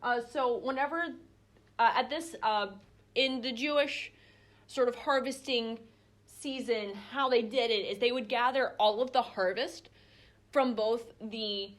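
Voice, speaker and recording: A woman's voice: fairly high pitch, measured pace. A young woman teaching a small group Bible study in a conversational way, with lots of fillers and restarts. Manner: conversational, acts out quoted voices, many fillers and restarts.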